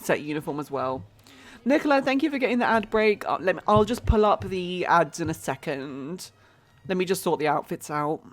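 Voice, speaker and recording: A woman streams a game and talks to her chat in an excitable, chatty way. Her voice sits a little low for a woman, with quick exclamations between casual remarks. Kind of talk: casual live-stream chat while playing.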